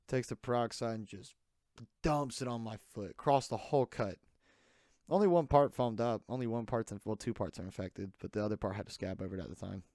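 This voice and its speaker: A man's voice: on the low side, fast talker, vocal fry, a little mellow, dry recording, clean studio sound. Rambling man on a casual podcast. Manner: rambling, many fillers and restarts. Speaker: podcast host. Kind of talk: casual solo podcast chat.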